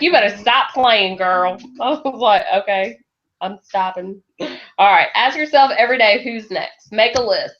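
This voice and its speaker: A woman gives her sales team a motivational talk, laughing frequently and acting out the voices of people she quotes. Her voice is medium in pitch with a fairly bright tone. The recording sounds dull and lo-fi.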